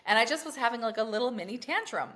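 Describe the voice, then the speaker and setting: Speaking fast in a voice on the high side, this podcast co-host is a mom who spins animated, profane stories in a brash way. She reenacts her old rants loudly during the casual chat.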